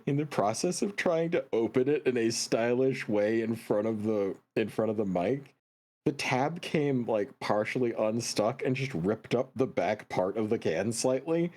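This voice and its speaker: A man's voice: medium pitch, measured pace, a little mellow. A man co-hosting a game stream, rambling and incredulous, swearing as he chats. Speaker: stream co-host. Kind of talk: casual let's-play chat. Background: game music.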